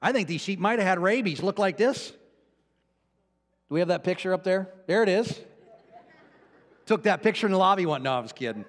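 A male pastor preaching a sermon, telling a personal story and swinging from hushed to fervent. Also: high voice, animated, brisk, long pauses, in a large hall. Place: church.

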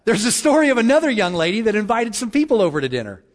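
A man preaching a sermon as pastor, praying and telling jokes in a lively storytelling manner. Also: sits high, fast, long reverb tail.

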